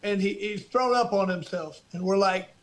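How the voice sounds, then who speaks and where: A man on a podcast telling a story in an animated way. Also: high voice, moderate pace. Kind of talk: casual podcast chat.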